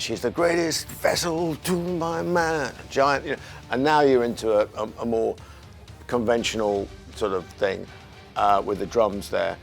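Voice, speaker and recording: A man's voice: fairly low pitch, vocal fry. A middle-aged man with an English accent, telling a story in an interview, acting out what people said and humming the drum parts. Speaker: musician talking about his song. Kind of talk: relaxed anecdotal interview talk.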